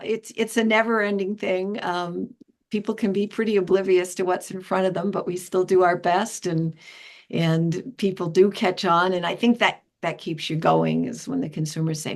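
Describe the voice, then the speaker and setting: An older retired woman being interviewed, telling stories in a lively way and acting out the voices of people she quotes. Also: normal speed. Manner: lively storytelling, acts out quoted voices with pitch jumps. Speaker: interview guest, retired founding director. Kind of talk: conversational interview.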